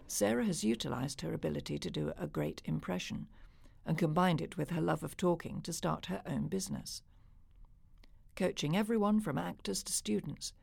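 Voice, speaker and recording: A narrator reading a scripted documentary voice-over smoothly. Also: medium pitch, a little mellow.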